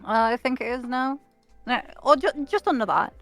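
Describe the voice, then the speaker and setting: A woman's voice: sits high, normal speed, a bit bright, faint music behind. A young woman with a Liverpool accent, chatting on a livestream and stopping often to restart. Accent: Liverpool English. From England, Liverpool. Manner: hesitant, many fillers and restarts. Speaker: streamer host. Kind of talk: casual chat on a livestream.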